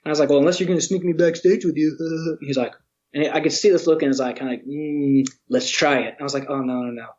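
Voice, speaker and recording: A man, a fairly high voice for a man, spins a story in an interview. He acts out the voices of the people in it and laughs along the way. The recording sounds a little dull and muffled. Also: fast talker. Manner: animated storyteller, acts out quotes, laughs often. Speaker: interview guest, museum educator.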